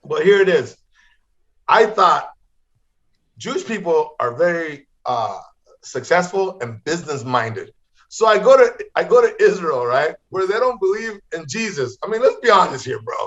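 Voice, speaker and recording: A middle-aged man from Los Angeles, a comedian telling wild stories in an energetic way, always saying "bro" and "man.". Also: on the high side, normal speed. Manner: energetic, repeats "bro" and "man", acts out voices. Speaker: comedian guest. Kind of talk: animated storytelling. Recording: slightly dull lo-fi audio.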